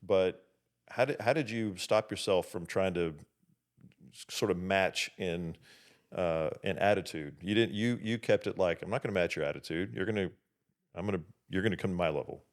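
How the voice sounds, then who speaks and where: Man, low voice, easygoing host, playful and reflective. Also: moderate pace. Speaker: podcast host interviewing his parents. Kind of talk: casual family conversation.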